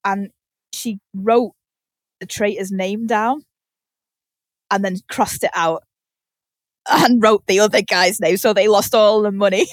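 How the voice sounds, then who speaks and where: A woman co-hosting a casual podcast, telling stories in an animated way and acting out quotes. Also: mid-range voice, takes it slowly, pauses often, dry recording. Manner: animated storytelling with laughs and acted-out quotes. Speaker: podcast co-host.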